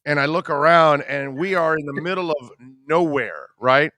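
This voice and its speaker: A middle-aged man hosting a radio show, telling a long story in casual chat, rambling and animated with many restarts. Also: a little high, moderate pace, dry recording.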